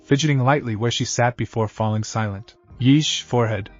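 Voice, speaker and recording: A man's voice: mid-range voice, fairly quick, faint music behind. Man narrating fan fiction, muffled sound.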